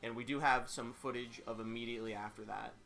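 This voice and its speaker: Bright-voiced rambling male streamer. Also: mid-range voice, fairly even intonation, creaky, soft background music. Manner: rambling, swearing, quick laughs. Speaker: streamer hosting a fighting-game tournament. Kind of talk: casual live-stream chat.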